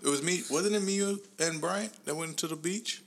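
A man's voice: sits high, moderate pace, fairly bright tone. A man in casual chat with friends, protesting and bantering back.

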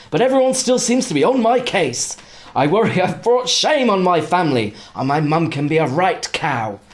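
A man doing a comic impression of a pompous, self-pitying posh middle-aged royal man. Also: mid-range voice. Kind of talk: comedic impression.

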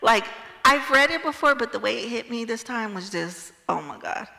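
A woman casually teaching a Bible passage in a chatty, animated way, full of "like" and "right?". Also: a little high, moderate pace, gravelly, big-room sound. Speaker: Bible study leader.

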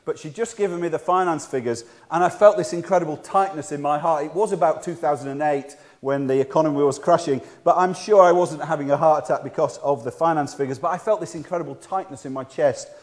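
A man's voice: on the high side, fast talker, hardly any pauses, a little mellow. A middle-aged man preaching a conversational sermon, telling a story with acted-out dialogue and laughing at himself. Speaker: pastor.

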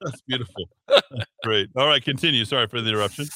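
A man hosting a radio talk show in a rambling, casual way, with lots of fillers and sudden jumps up in pitch when he hands over. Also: fast, sharp tone, dry recording.

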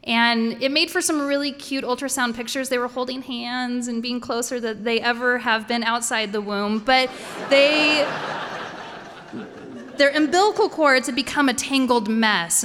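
A woman's voice: on the high side, normal speed, fairly bright tone. A woman telling a personal story before an audience, conversational and wryly humorous. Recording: echoey hall.

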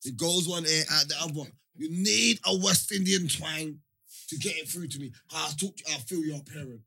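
Podcast host, bright edgy voice, jokey and teasing. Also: male voice, a little high, moderate pace, gravelly. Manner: teasing joker, puts on voices in his stories. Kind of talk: casual chat.

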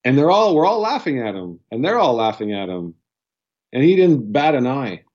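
A man's voice: mid-range voice, very animated, normal speed, darkish tone, dull audio. A man speaking as a guest in casual chat, blunt and profane, often restarting his sentences. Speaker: podcast guest.

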